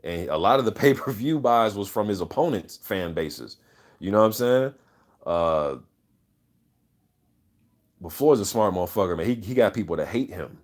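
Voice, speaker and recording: A man's voice: lowish voice, expressive, normal speed, long pauses. A man hosting a casual boxing talk show, reading viewer comments and giving loose, opinionated takes full of swearing and "you know what I'm saying". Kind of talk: casual unscripted chat.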